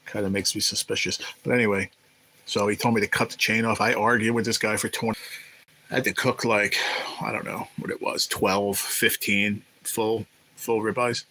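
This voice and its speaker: A man's voice: lowish voice, pushed and bright, low-quality recording. A man hosting a live stream, chatting casually with viewers, telling rambling, profane stories about his days as a restaurant cook. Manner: rambling, profane, reads chat aloud. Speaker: livestream host. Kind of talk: casual live chat storytelling.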